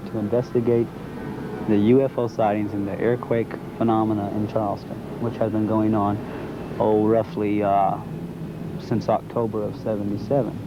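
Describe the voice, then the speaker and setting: A man's voice: lowish voice, noisy background. A man, interviewed, recounting a personal story at length and acting out the dialogue of the people in it. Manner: storytelling, acts out quoted dialogue. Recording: dull lo-fi recording.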